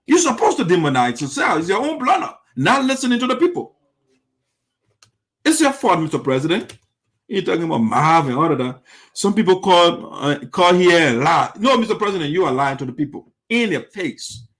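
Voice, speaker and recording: Indignant high-voiced man. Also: big pitch swings, moderate pace, a bit bright. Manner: indignant, rhetorical questions, repeats points. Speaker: commentary show host. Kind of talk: critical political commentary.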